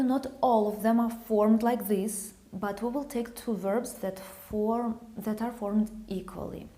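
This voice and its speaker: A woman's voice: medium pitch, warm tone. A woman with a Russian accent teaching grammar, patiently repeating example phrases. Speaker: language teacher.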